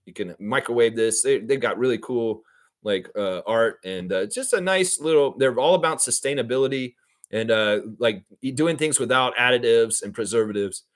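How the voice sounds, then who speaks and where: A man hosts a live-streamed fan trivia session in a loose, chatty way. He talks straight to the viewers as y'all and keeps the flow going with frequent fillers and restarts. His pitch sits in the middle range for a man. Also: normal speed, dry recording, clean studio sound. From Canada. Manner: chatty, addresses chat as y'all, many fillers. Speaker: host of a live fan show.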